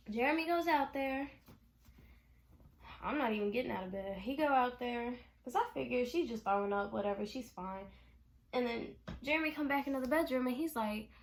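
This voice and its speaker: A young woman recounts a story in an animated, exasperated tone. Her voice sits a bit high for a woman, and she talks casually and swears freely. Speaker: vlogger.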